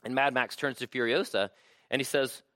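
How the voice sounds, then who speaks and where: A man preaches a sermon to a room with an audience, keeping it conversational and frequently checking in with "right?" His medium-pitched voice has a sharp tone, a normal speed and no echo.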